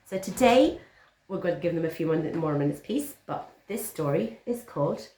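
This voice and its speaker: A woman's voice: lowish voice, lively intonation, normal speed, dark tone. A woman teaching young children, encouraging and sing-song as she reads a picture book aloud. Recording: roomy echo.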